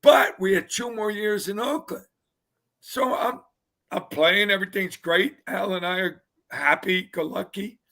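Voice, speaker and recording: An older man, a retired football player, telling lively anecdotes as a guest on a casual fan show, often laughing and mimicking others. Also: high-pitched, measured pace.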